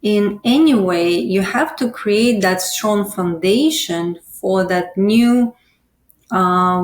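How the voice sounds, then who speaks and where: A woman hosting a podcast, speaking in a hesitant way with many "uh" and "um" fillers. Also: medium pitch. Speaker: podcast host. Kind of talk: casual podcast interview. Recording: echoey room.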